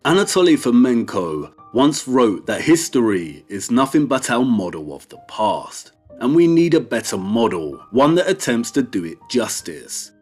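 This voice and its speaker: A man giving slow, deliberate scripted documentary narration with strong emphasis, over soft background music. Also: mid-range voice, very animated, breathy edge. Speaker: video essay narrator. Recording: soft music bed behind.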